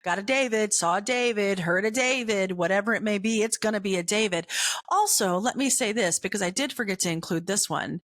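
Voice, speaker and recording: A middle-aged woman hosting a podcast, telling a personal story in a casual, animated way and jumping up in pitch for excited quotes. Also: a little fast, no echo. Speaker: podcast host.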